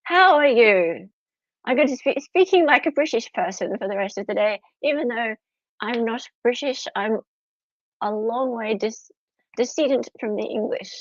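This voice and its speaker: Her voice sits fairly high, with lively intonation and a moderate pace, and there's no echo. This middle-aged Australian livestream host chats and giggles as she welcomes viewers from home over slightly dull lo-fi audio.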